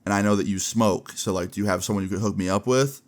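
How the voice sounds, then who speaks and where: A man's voice: on the low side, quick pace, natural voice. A man voicing a brash, hot-tempered teenage boy who bullies others and talks in slang. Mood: pushy. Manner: slangy, demanding, says "bro".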